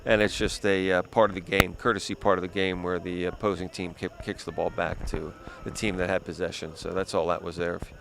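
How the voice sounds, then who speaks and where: A man's voice: deep voice, flat delivery, brisk, creaky, hardly any pauses, a bit bright. A man doing play-by-play for a youth soccer game, explaining plays with frequent "yep" and "uh". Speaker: play-by-play commentator. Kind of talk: local sports commentary. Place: outdoor soccer field. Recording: faint outdoor noise.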